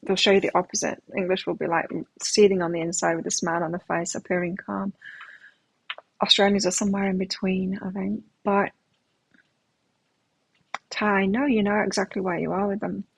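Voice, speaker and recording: Husky, chatty woman tarot reader. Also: mid-range voice, level tone, normal speed, pauses often, poor audio. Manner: chatty and rambling, telling anecdotes. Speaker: tarot reader and live-stream host. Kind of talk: casual live-stream chat between tarot readings.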